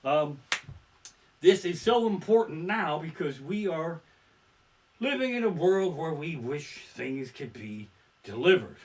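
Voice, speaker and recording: A man's voice: a little high, very animated, takes it slowly. A man doing a profane, crude stand-up set, live-streamed from his living room. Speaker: stand-up comedian. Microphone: barebones home streaming mic.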